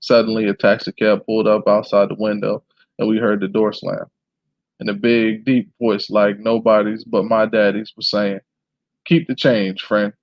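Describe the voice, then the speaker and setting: A man reading a memoir aloud in a plain, steady way, now and then clearing his throat. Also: fairly low pitch, normal speed, dry recording, dull audio. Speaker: reader.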